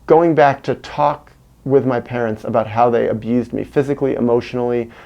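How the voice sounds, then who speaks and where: A man's voice: mid-range voice, fairly even intonation, brisk, vocal fry, lo-fi sound. A man talking candidly to camera in a reflective personal monologue, earnest and often searching for words. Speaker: vlogger.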